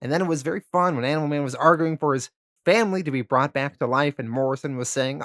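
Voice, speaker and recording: A man narrating a comic book story recap and then giving his review, in a casual, relaxed way with occasional filler words. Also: fairly high pitch, fast talker.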